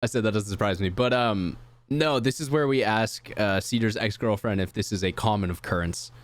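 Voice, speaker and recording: A man's voice: lowish voice, moderate pace, dry recording. A man hosting a podcast in casual chat, laughing often and steering the conversation. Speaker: podcast host.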